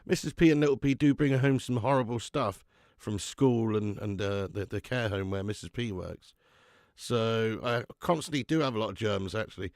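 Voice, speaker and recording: A man's voice: on the low side, moderate pace, darkish tone, dry recording, studio quality. A man hosting a live football watch-along, sick with flu, talking bluntly and swearing as he banters with viewers. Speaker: football fan channel host.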